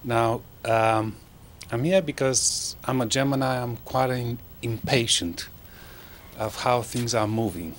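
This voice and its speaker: A man in a studio audience describing his small company and asking the panel how to make things move faster, hesitating often with fillers. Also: mid-range voice, slight background noise. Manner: rambling with many fillers, self-promoting. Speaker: audience member asking a question. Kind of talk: asking a question at a studio event.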